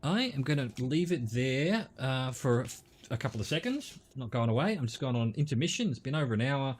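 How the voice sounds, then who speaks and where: A man's voice: medium pitch, sing-song, brisk. A middle-aged man from Australia, a streamer thinking aloud and swearing casually as he plays a game. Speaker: gaming streamer. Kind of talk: casual gameplay commentary.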